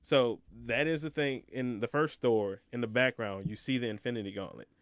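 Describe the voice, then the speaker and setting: A man on a casual podcast discussing a film. He retells scenes in an animated way and acts out what people say. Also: mid-range voice, moderate pace, no echo, clean studio sound. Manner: animated storyteller, acts out quotes.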